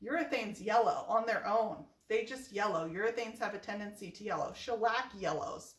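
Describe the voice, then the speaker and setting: A woman's voice: mid-range voice, normal speed, roomy sound. A woman hosting a casual furniture painting tutorial in her home workspace, chatty and playful, repeating her key tips.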